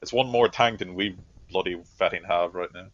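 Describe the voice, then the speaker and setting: A man's voice: sits low, moderate pace, fairly bright tone, lo-fi sound. A man voicing a grumbling male soldier who complains constantly, in a bitter, sarcastic way.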